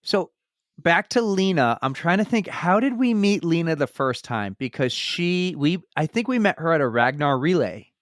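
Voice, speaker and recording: A man's voice: on the high side, sing-song, moderate pace, dry recording, studio quality. A man hosting a podcast, chatting casually and enthusiastically with his guest. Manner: enthusiastic, friendly questioning. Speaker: podcast host. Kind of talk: casual chat.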